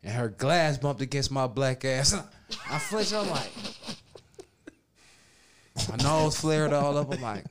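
A man's voice: mid-range voice, animated, slow, long pauses, background noise. Man telling a crude story, bursting into laughs. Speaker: podcast storyteller. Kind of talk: casual chat.

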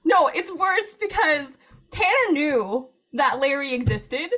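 Young woman, high voice, casual storytelling, animated, laughing, lots of fillers. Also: takes it slowly.

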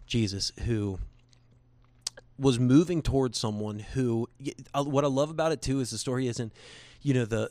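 A man's voice: lowish voice, darkish tone, no echo. A man earnestly telling a personal faith story in casual conversation, rambling with restarts and slipping into quoted voices.

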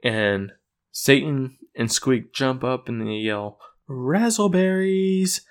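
A man's voice: medium pitch, fairly even intonation, slow, fairly bright tone, clean tone. A man casually recapping episodes of a show, rambling, correcting himself and chuckling as he goes. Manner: rambling, self-correcting, chuckles at own retelling.

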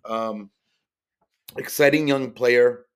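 His mid-range voice is slow, clear, and resonant as he hosts a solo sports-card podcast. The man meanders through casual talk about soccer players, saying um and uh a lot and correcting himself along the way.

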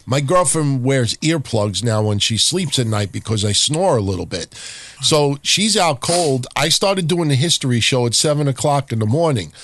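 A man's voice: mid-range voice, expressive, moderate pace, a bit bright. A man hosting a podcast, chatting candidly and casually with some swearing. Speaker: podcast host. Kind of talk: casual chat.

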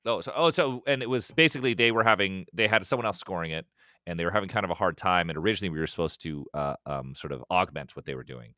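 A man's voice: deep voice, fast talker, pushed and bright, no echo, studio quality. A young man, a musician guest, chatting casually on a podcast, rambling with restarts and swearing. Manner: rambling, profane, many restarts and acted-out quotes.

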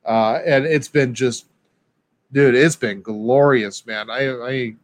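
An excitable man rambling through a casual podcast chat, stumbling over restarts and calling everyone dude. His voice is mid-pitched and easygoing. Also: takes it slowly.

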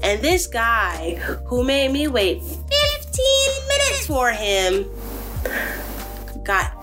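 A woman hosting a podcast, telling a story in a casual monologue, animated and profane, often addressing her listeners directly. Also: on the high side, drawn-out words, music in the background. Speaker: podcast host.

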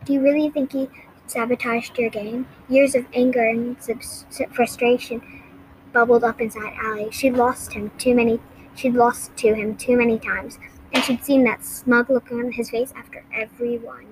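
A woman reading a novel aloud with steady, clear storytelling. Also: a little high, normal speed, a little hiss or hum, poor audio. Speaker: audiobook reader.

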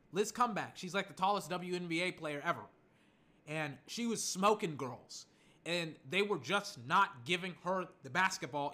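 A young man hosting a solo podcast, talking in a casual, rambling way that bursts into excited outbursts. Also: high-pitched. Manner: chatty, digressive, excitable with loud outbursts. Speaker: podcast host.

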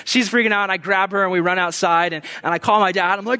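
A young man delivers a sermon in a relaxed, conversational way, telling stories with sudden shouted bursts. His voice sits high for a man. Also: quick pace. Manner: animated storyteller, shouting bursts. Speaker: pastor.

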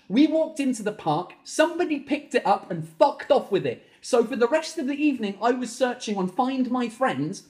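A man hosting a comedy podcast, telling exasperated stories in an animated, swearing comic monologue from his garden home office. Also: extremely high pitch. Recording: echoey room.

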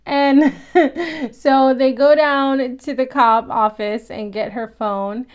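Chatty woman recapping an episode, smooth voice. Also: high voice, slow. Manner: chatty and animated, laughs often, acts out quoted lines.

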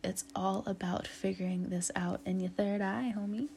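A woman's voice: medium pitch, fairly even intonation, normal speed, creaky, warm tone, a little hiss or hum. A woman giving a casual tarot reading straight to her listener. She laughs often and calls the listener fam and homie. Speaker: tarot reader.

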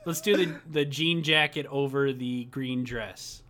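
A man's voice: medium pitch, slow, bright, forceful tone. A young man from Minnesota co-hosting a casual chat, joking, laughing often and swearing offhandedly. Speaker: podcast co-host.

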